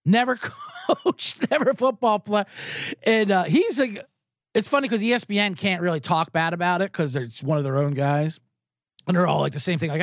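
A man's voice: high voice, normal speed, no room sound, clean studio sound. A man hosting a sports betting podcast, ranting sarcastically with plenty of profanity. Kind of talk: comedic sports rant.

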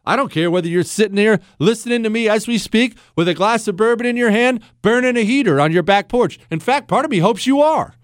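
Animated sarcastic radio host man. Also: high-pitched, a little fast, hardly any pauses, no echo, studio quality. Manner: sarcastic, animated ranting with mocking asides. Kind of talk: opinionated radio monologue.

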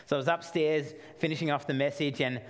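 A man's voice: fairly high pitch, fairly even intonation, quick pace. A middle-aged man preaching a sermon, chatty at first, then building to emphatic, repeated calls. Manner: conversational, builds to emphatic repetition. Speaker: pastor.

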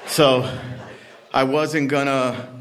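A man telling a personal story to an audience, halting and repeating words as he goes. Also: mid-range voice, little pitch movement, crowd noise, background noise.

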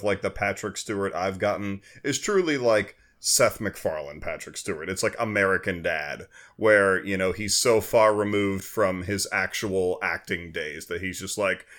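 A man co-hosting a podcast in casual chat, joking and teasing, often pausing on fillers. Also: fairly low pitch, fairly bright tone. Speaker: podcast co-host.

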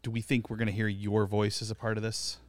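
A man's voice: on the low side, completely flat delivery, quick pace, no echo. A man hosting a casual soccer podcast, who teases and prods his guest to tell his story. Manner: teasing, encouraging interviewer. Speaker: podcast host.

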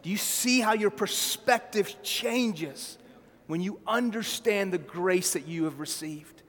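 Speaking slowly in a high-pitched, slightly bright voice, a man preaches in a large hall. His style is conversational, frequently pausing to check in with listeners using asides such as "right?" and "okay?"

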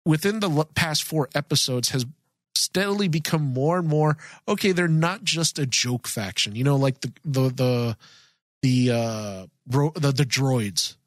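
A man co-hosting a podcast in a casual chat, excited and rambling with frequent restarts. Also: medium pitch, measured pace, no room sound. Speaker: podcast co-host.

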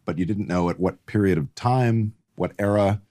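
A man's voice: fairly low pitch, moderate pace, mellow. A man talking as a guest in a casual conversation, arguing his points emphatically with rhetorical questions.

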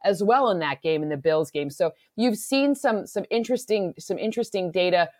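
A woman from Michigan, an analytics expert talking football in a casual podcast chat, fast and rambling with many restarts. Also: on the low side, animated, a little mellow, no room sound, clean studio sound. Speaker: NFL analytics expert guest.

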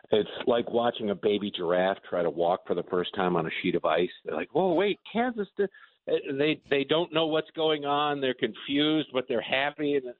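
A man's voice: mid-range voice, no echo. A man speaking as a political commentator guest, sarcastic and mocking, on a phone line. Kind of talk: opinionated radio talk. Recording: tinny dry phone line.

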